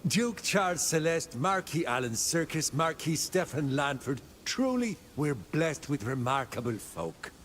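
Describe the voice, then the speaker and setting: A man's voice: fairly high pitch, sing-song, unhurried, few pauses, fairly bright tone, a little hiss or hum. An actor playing a formal male townsman in a fantasy video game, speaking in old-fashioned phrasing. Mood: admiring.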